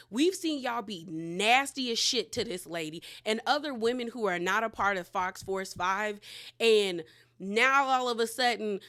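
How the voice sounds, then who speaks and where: A woman's voice: mid-range voice, fairly bright tone. A woman hosting a casual recap of a reality TV episode. She talks bluntly in slang and acts out the cast members' lines as she retells them.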